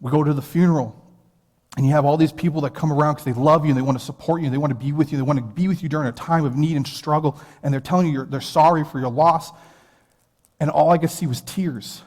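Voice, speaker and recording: American pastor in a reverberant church. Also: male voice, fairly high pitch, fairly even intonation, quick pace, a little mellow. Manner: personal storytelling, earnest and conversational. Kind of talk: sermon. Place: church sanctuary. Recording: long hall reverb.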